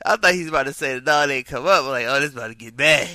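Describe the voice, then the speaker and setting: A man hosting a podcast, reacting to a listener's message with excited jokes. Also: mid-range voice, very fast, a little hiss or hum. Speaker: podcast host. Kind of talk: casual chat.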